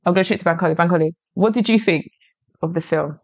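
A woman hosting a casual podcast, her voice a little low and recorded dry and close. She talks in a brash, teasing way and laughs often. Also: fast, dry recording. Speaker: podcast host.

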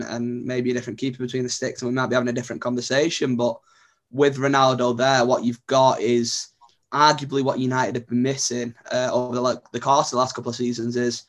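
A man talks as a podcast guest in an even, mid-pitched voice. He weighs his points calmly and keeps the chat relaxed. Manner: thoughtful, analytical, easygoing. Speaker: podcast guest, club editor.

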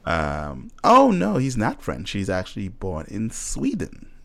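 A man's voice: fairly low pitch, huge pitch swings, a little slow, creaky, bright, forceful tone. A man co-hosting a casual chat about a TV show, laughing often and talking with many fillers and restarts. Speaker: podcast co-host.

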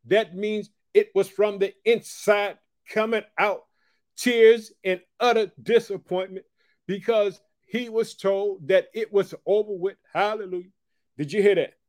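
A man with a high-pitched, steady voice preaches a sermon, reading scripture slowly and loudly before dropping into quieter asides and repeated call-outs to the listener. He also prays aloud for people. The studio-quality recording has no echo.

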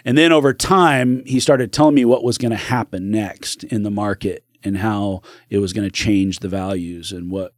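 A low-pitched man speaks as a podcast guest, earnest and rambling, often restarting his sentences and acting out what others said. The sound is dry and close, with no room around it. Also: no room sound. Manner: earnest, rambling with restarts, acts out quoted voices. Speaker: podcast guest, real estate broker. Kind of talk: casual interview talk.

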